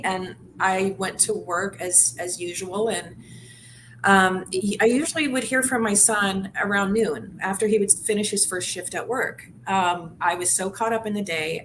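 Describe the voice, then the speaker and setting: A woman guest on a live show, telling her personal story haltingly and searching for words. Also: medium pitch, slight background noise, rough recording. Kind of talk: personal testimony.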